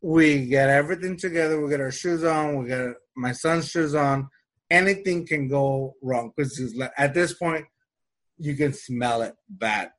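A man telling a story in casual chat, animated and acting out the people he quotes. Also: fairly high pitch, a little slow. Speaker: storyteller in a conversation.

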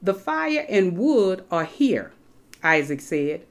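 Woman preacher giving a lively sermon. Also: on the low side, slow pace. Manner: animated, addresses congregation directly, casual asides. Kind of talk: sermon with scripture reading.

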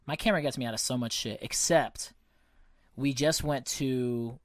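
Profane, animated male podcast host. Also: mid-range voice, normal speed, no room sound, studio quality. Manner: profane, animated storyteller acting out quotes. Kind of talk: casual chat.

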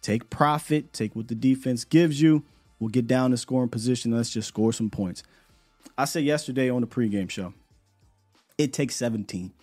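A man's voice: mid-range voice, moderate pace, darkish tone, faint music behind. Emphatic man hosting a sports talk show. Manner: emphatic, repeats points for effect.

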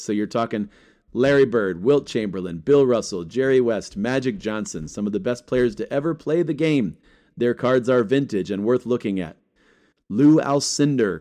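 A man hosts his own collecting channel, rattling off long lists of names with an energetic, joking delivery. He talks casually to his viewers and tosses in quick, teasing asides. His voice sits at an ordinary middle pitch. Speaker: sports card collecting vlogger. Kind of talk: casual talk to camera.

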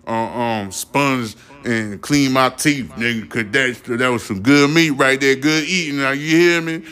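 A man's voice: mid-range voice, measured pace, bright, forceful tone, voice pushed up. A man doing a gloating Southern tiger shark. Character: boastful male tiger shark, crude and gloating.

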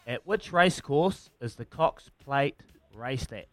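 A man's voice: mid-range voice, animated, a little slow, fairly bright tone, dry recording, soft background music. A man hosting a breakfast radio quiz, upbeat and matey, counting down answers. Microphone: studio mic.

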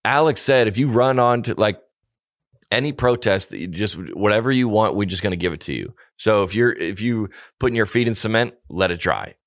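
A man's voice: on the low side, a little fast, no echo, clean studio sound. A man co-hosting a podcast, ranting animatedly in casual chat and mocking people with put-on quotes. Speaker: podcast co-host.

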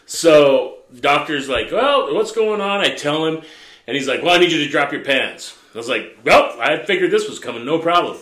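Man, podcast host, crude animated storyteller, fairly high, bright tone, echoey room. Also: moderate pace. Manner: profane, animated, laughing storyteller.

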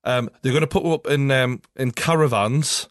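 A man's voice: medium pitch, moderate pace, no room sound, clean studio sound. A young man with a Geordie accent, hosting a podcast and telling rambling anecdotes in casual chat, swearing constantly. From North East England. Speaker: podcast host.

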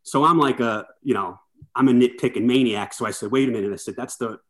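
A man's voice: mid-range voice, fast talker. Storytelling middle-aged firefighter man. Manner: lively anecdotes, acts out quoted dialogue. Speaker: guest, firefighter. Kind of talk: casual storytelling chat.

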